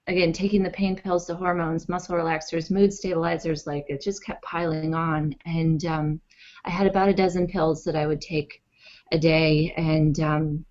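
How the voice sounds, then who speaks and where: This interview guest, an author and blogger, has a low voice and a moderate pace. She tells a personal story in a lively, chatty way, acting out quotes and using many fillers. The audio is dull and lo-fi.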